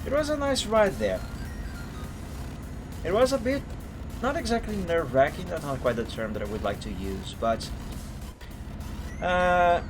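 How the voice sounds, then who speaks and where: A man streaming a driving game, chatting casually and rambling as he corrects himself mid-sentence. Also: fairly high pitch. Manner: rambling, self-correcting, chuckling. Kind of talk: casual gameplay commentary. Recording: music playing under the voice.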